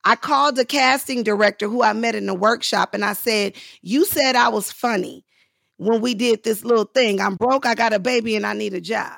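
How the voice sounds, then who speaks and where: A middle-aged woman telling animated stories in an interview, acting out the other people's voices. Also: fairly high pitch, moderate pace, vocal fry, no echo, studio quality. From Los Angeles. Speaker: guest actress. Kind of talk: storytelling interview.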